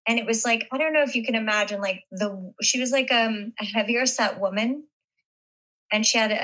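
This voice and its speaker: A middle-aged woman, a guest actress in an interview, speaking in a hesitant, halting, reflective way. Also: medium pitch, fairly bright tone, poor audio. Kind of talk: interview conversation.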